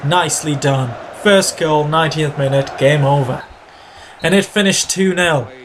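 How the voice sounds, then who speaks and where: A man hosting a gaming video, giving chatty play-by-play of his own match and breaking into excited shouts when goals go in. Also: fairly high pitch, a little slow, noisy background. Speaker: gaming channel host. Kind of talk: video game commentary.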